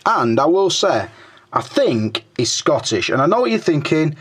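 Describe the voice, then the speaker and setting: A man's voice: fairly high pitch, sing-song, normal speed, a bit bright, breathy edge. Crude, joking middle-aged guy. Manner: crude, joking banter full of swearing, muttering under his breath while scrolling. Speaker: toy reviewer and channel host. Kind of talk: casual chat reading viewer comments.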